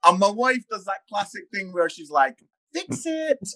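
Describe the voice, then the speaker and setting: A father chatting casually as a podcast guest, telling a self-mocking story in an animated way. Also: high-pitched, normal speed. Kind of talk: casual chat.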